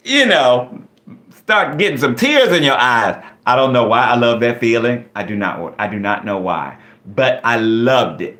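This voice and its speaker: A man hosts a relaxed live question session in a medium-pitched voice. He rambles freely, circling back with fillers and restarts. His tone stays easygoing and playful. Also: moderate pace. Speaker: live stream host. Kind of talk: casual live chat.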